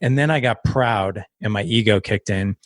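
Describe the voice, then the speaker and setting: A man in his thirties, a guest on a podcast, telling a personal story in casual talk and acting out quotes with sudden jumps in pitch. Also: moderate pace, dry recording, clean studio sound. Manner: animated, acts out quotes with sharp pitch jumps. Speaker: podcast guest, founder of a fathers' community.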